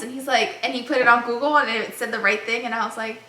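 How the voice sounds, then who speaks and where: A woman co-hosting a podcast, chatty and quick to laugh, with an American accent. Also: on the high side, steady tone, bright, forceful tone, roomy sound. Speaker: podcast co-host. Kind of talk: casual chat.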